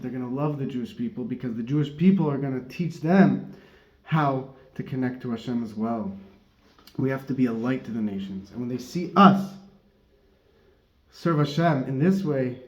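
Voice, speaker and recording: This is a relaxed Torah teaching from a man whose mid-range voice is a little mellow. He tends to ramble, laughs a lot and keeps correcting himself, all captured in a dull, roomy-sounding recording.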